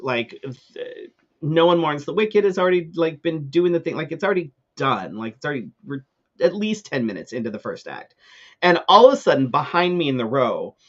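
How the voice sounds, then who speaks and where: Animated, swearing male talk-show host. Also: medium pitch, lo-fi sound. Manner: animated storytelling with frequent swearing and fillers. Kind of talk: casual chat, ranting anecdote.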